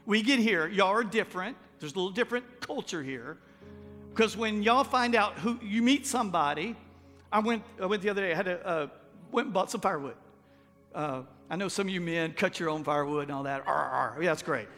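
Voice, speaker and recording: A Texan pastor with a high, bright, forceful voice delivers a folksy, joking sermon in a conversational way. His words ring out with a long reverb through a church sanctuary, with faint music underneath. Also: animated, a little fast. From Texas.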